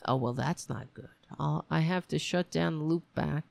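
Gravelly, frustrated woman hosting a home stream. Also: deep voice, normal speed, a little mellow, dry recording. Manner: frustrated, swearing, rambling with sighs. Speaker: show host. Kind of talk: casual livestream chat. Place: home room.

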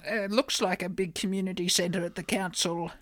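A woman's voice: on the low side, fairly even intonation, normal speed, no echo, lightly acted. A woman playing a flustered, scatterbrained older woman who rambles and stumbles over her words in a comedy podcast. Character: flustered older woman, a would-be reality contestant.

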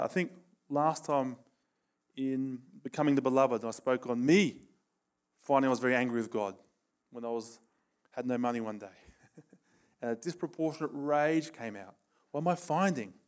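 A man preaching a sermon, telling stories with animated bursts of emphasis. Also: medium pitch.

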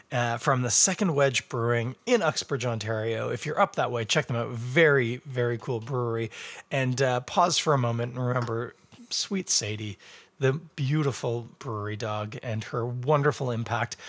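A man's voice: medium pitch, a bit bright. A man reviewing beer in a casual livestream chat, rambling and chatty with joking asides.

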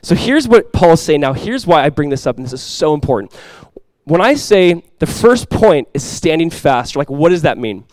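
A male pastor delivering a sermon in an easygoing, conversational manner, peppering it with fillers and asides. His voice sits somewhat high for a man. The sound is close and dry, with little room echo. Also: very animated, normal speed, darkish tone. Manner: casual conversational preaching with many fillers.

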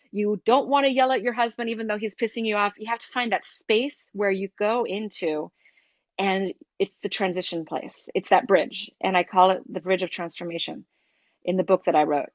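Middle-aged woman, breathwork teacher, candid and animated, dull dry recording. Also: mid-range voice, no echo. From United States. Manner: candid, animated, laughs easily, many restarts. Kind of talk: casual interview talk.

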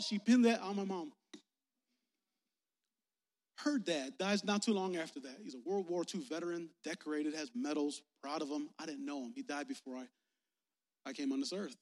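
A youth pastor with a high-pitched man's voice preaches candidly to his congregation. His talk is personal and emotional, and he often speaks straight to the crowd. It rings with the long reverb of a church hall. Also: moderate pace, pauses often, a little mellow. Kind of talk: personal, conversational sermon.

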